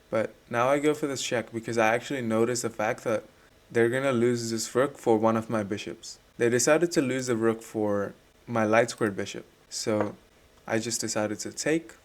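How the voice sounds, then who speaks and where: Guy talking through his chess game, easygoing, mid pitch, explains each move. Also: a little hiss or hum. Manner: relaxed, explains moves step by step. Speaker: chess youtuber reviewing his own game. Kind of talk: casual game commentary.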